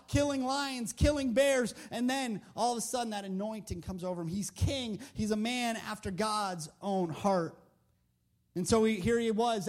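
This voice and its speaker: A man preaching a sermon in a conversational, emphatic way, full of rhetorical questions, into a handheld mic. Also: high voice.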